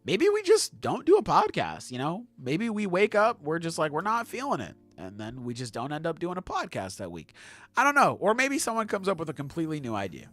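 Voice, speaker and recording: A young adult man hosting a podcast in casual chat, animated, swearing and laughing often. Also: a little high, a little fast, faint music behind. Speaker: podcast host.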